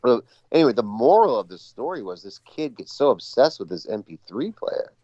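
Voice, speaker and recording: A man's voice: mid-range voice, very animated, a little fast, warm tone, highs cut off. A man, a schoolteacher calling in as a guest, chatting casually, rambling and poking fun at himself. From Boston area. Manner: rambling, self-mocking, laughing at his own stories. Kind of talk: casual chat. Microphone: phone call.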